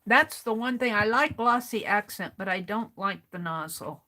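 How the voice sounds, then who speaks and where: A woman's voice: mid-range voice, expressive, normal speed, bright, forceful tone, a little hiss or hum. An American woman hosting a craft livestream, chatting casually and muttering to herself as she sorts through supplies.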